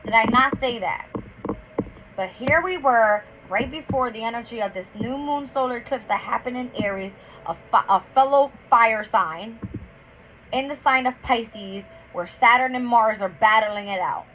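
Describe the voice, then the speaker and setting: Here a woman speaks at a normal pace in a fairly bright, somewhat high voice. She's doing an offhand tarot and astrology reading, tallying cards aloud as she grows heated, curses freely, and speaks bluntly, all captured in muffled lo-fi audio with noticeable background noise.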